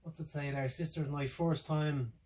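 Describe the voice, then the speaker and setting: Rambling man with a slightly high voice. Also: steady tone, normal speed, darkish tone, low-quality recording. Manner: rambling and hesitant, with many fillers and restarts; wry, laughs to himself. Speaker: music fan reviewing a tour setlist. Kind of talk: casual solo reaction vlog.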